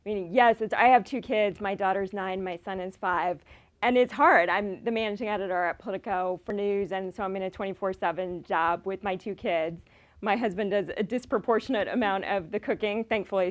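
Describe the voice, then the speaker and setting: A woman in her thirties, a news editor on a discussion panel, speaks directly and gives practical advice. Her pitch sits in the middle range. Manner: direct, advising.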